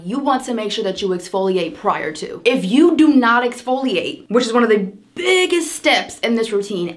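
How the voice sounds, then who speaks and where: A young American woman with a chatty, sisterly manner, giving casual beauty advice to camera and calling her viewers "girl". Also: on the high side. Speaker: beauty vlogger.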